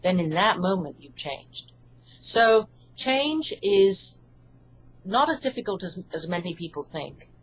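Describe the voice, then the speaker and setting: A woman's voice: mid-range voice, big pitch swings, slow, slight background noise, poor audio. A woman with an English accent, a hypnotherapist answering interview questions in an earnest, reassuring way. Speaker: hypnotherapist and author.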